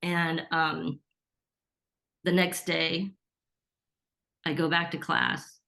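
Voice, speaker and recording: Middle-aged woman w a low voice, chatty guest telling a story, does all the voices. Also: drawn-out words, vocal fry. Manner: animated storyteller, acts out quoted voices. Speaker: podcast guest, Reiki teacher. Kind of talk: storytelling in casual conversation.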